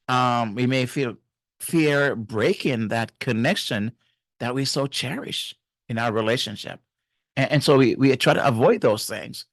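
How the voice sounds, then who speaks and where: A man's voice: medium pitch, no echo, clean studio sound. A middle-aged man, a marriage and family therapist, giving faith-based relationship advice in an earnest, teacherly way and speaking to the viewer directly.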